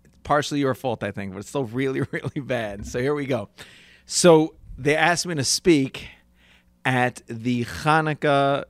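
A man's voice: mid-range voice, a little slow, dry recording. A man co-hosting a casual chat, telling a story about himself in an earnest, self-deprecating way and laughing between lines. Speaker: podcast co-host.

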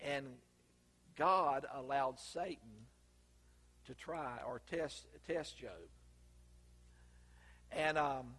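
A man's voice: mid-range voice, drawn-out words, long pauses, fairly bright tone. A middle-aged man with a Southern US accent preaching a sermon, telling folksy stories with sudden emphatic bursts. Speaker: pastor.

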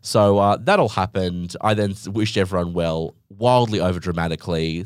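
A man's voice: low voice, normal speed, hardly any pauses, clear, resonant tone, dry recording, studio quality. A young man hosting a podcast, telling a rambling, sarcastic story full of "like" and asides. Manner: sarcastic, rambling, heavy use of "like". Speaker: podcast host. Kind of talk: casual storytelling monologue.

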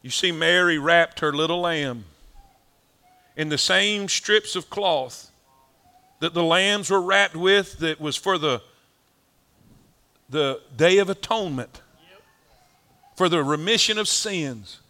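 In a sermon full of folksy rhythm, a male preacher repeats lines for emphasis, his delivery rising and falling. His voice is on the high side with a sharp tone, and he takes it slowly, pausing often.

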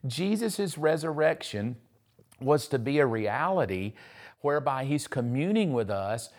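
A man's voice: mid-range voice, big pitch swings, unhurried, a little mellow. Pastor man preaching conversationally. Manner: conversational, acts out quoted voices. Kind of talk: sermon.

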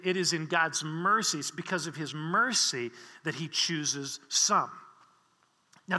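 Male preacher, earnest and explanatory, sharp high voice, big reverberant church. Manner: earnest, explanatory teaching with frequent restarts. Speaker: pastor. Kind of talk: sermon.

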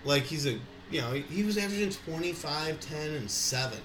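A man's voice: a little high, animated, a little fast. A man in casual chat, rambling and profane, talking animatedly with a friend. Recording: echoey room, faint background noise.

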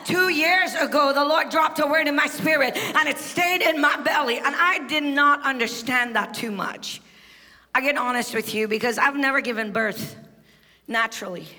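A Trinidadian woman preaches from a stage with a high, bright, ringing voice. She drops into quiet confiding asides, then climbs into shouted testimony. A long reverb from a big church hall trails her words. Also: moderate pace. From Trinidad and Tobago. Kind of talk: sermon.

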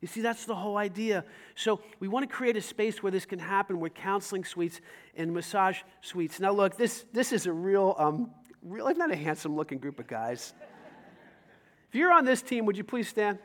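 A man preaching a sermon as pastor, telling stories with lively acted-out dialogue and rising to loud emphasis. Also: high-pitched, normal speed. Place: church sanctuary.

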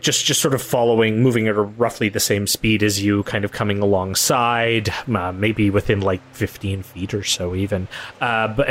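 A man acting as game master, narrating and voicing locals in a chatty, halting way. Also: lowish voice.

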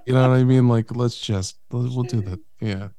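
A man's voice: medium pitch, fairly even intonation, moderate pace, mellow. Hesitant man, casual podcast. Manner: hesitant, lots of uh-huhs and fillers. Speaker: podcast co-host. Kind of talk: casual chat.

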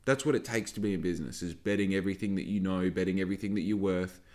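A young man with a deep, low-pitched voice talks frankly on his podcast. His delivery is casual and meandering, sprinkled with swearing and asides as he circles back to his point. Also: very fast, a little mellow. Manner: swears freely, rambling and frank. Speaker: podcast host and small business owner. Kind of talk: casual rambling monologue.

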